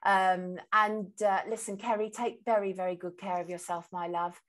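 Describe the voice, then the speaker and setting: A woman hosts a live-stream talk show. She is sympathetic to her guest and reads viewer comments aloud between questions. Her voice sits at a middling pitch. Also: steady tone, normal speed, fairly bright tone. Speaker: host.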